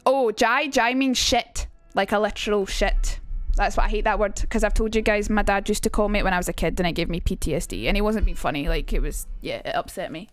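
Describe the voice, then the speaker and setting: A woman's voice: mid-range voice, brisk, few pauses, faint music behind. A young Scottish woman streaming a casual chat about accents, chatty and sweary, reading out messages from chat. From Scotland. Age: young adult.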